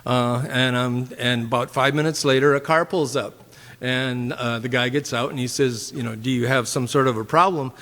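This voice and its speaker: A man's voice: medium pitch, steady tone, normal speed, fairly bright tone. Minnesota man telling a story in a reverberant church. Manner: rambling, with fillers and frequent throat clearing. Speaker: church member giving a testimony. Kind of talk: casual storytelling testimony. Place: church sanctuary. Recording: long hall reverb.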